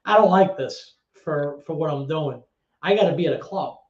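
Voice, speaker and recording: Animated New man, echoey room. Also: a little high, moderate pace. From the Bronx, New York. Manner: animated storyteller acting out voices, swears freely. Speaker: guest, former actor and DJ. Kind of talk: casual storytelling interview. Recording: echoey room, dull lo-fi sound.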